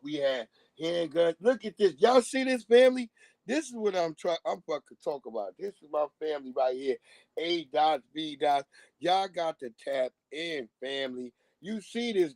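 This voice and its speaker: A man's voice: mid-range voice, a little mellow, no room sound. Casting: male livestream host, emphatic and profane, dry close sound. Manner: emphatic, profane, calls the audience "family". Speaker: livestream host reacting to clips. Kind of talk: casual live-stream commentary.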